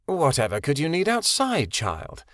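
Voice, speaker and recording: A man voicing a scheming villainous king with a slow, sickly sweet drawl. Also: fairly high pitch, wildly swooping pitch, fairly bright tone, dry recording, studio quality, exaggerated voice. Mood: coaxing. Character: sinister scheming king, smooth and coaxing.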